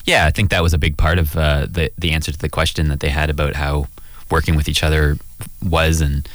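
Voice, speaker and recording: Male radio host, deep voice, dry close sound, thoughtful and halting. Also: little pitch movement, no room sound. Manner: thoughtful, hesitant, circles back to his point. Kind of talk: casual chat.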